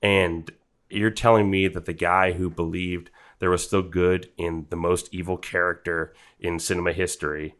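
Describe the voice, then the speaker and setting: A man's voice: sits low, level tone, normal speed, fairly bright tone. A man co-hosting a podcast, talking through a film in a casual, analytical way, rambling with fillers and restarts. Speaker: podcast co-host.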